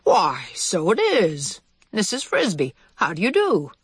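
A reader voicing an old male white mouse with a limp, cordial and measured in how he speaks. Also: medium pitch, wildly swooping pitch, breathy edge, no echo, studio quality, full character voice. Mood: kindly.

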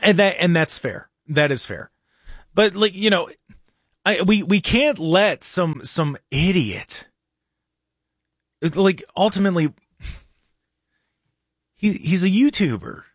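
A man hosting a casual political talk radio show in a studio, animated and mocking, with jokey asides. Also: high voice, slow, long pauses, no room sound.

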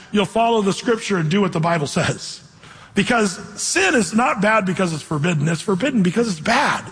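A man's voice: high-pitched, a bit bright, husky, long reverb tail, poor audio. A man preaching a sermon as pastor, speaking emphatically and conversationally and acting out quotes.

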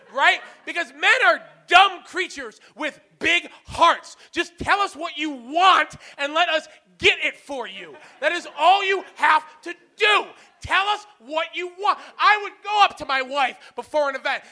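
A man doing a stand-up set, self-deprecating, shifting from muttered asides to shouts. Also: very high voice. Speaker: stand-up comedian.

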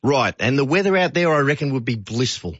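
An Australian man hosting a phone-in radio show, with brisk, jokey, upbeat banter. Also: medium pitch, lively intonation, a bit bright, slightly rough, dry recording. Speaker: radio host. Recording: slightly dull radio audio.

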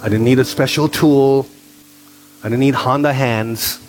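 A middle-aged man preaching as a pastor, telling stories with lively repetition and emphasis. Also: mid-range voice, measured pace, a little hiss or hum. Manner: animated storytelling with repetition. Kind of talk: sermon to a youth group.

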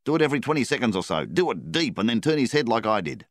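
A man voicing a rough adult man who barks urgent orders during an emergency in a storybook reading. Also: medium pitch, very animated, fast, no room sound, studio quality, voice pushed up. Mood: urgent commanding. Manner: commanding, urgent shouting.

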